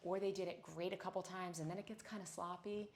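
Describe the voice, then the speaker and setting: A woman teaching a dog yoga class, speaking gently and encouragingly, with frequent praise for her dog. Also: on the low side, steady tone, quick pace, slight background noise. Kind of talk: instructional class talk. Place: indoors on a yoga mat.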